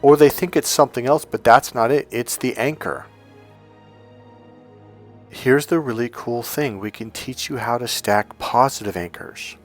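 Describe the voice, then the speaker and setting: A man's voice: medium pitch, unhurried, soft background music. A man speaking as a dating coach in a persuasive, emphatic monologue to his viewers. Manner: emphatic, persuasive, acts out quoted voices.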